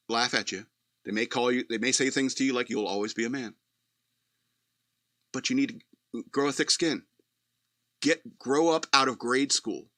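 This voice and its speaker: A man's voice: medium pitch, sharp tone, dry recording. Blunt, sardonic male talk radio host. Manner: blunt, sardonic, profane, laughs at his own jokes. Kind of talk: opinionated commentary reading news aloud.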